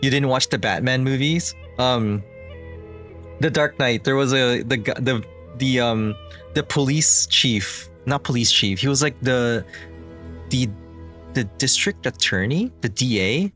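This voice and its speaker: A male streamer talks over his gameplay in a loose, rambling way, restarting sentences and breaking into laughter. His voice sits at an ordinary middle pitch, with faint music playing behind him. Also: lively intonation, a little slow, a bit bright. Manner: rambling, lots of fillers and restarts, laughs often. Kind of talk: casual gameplay commentary.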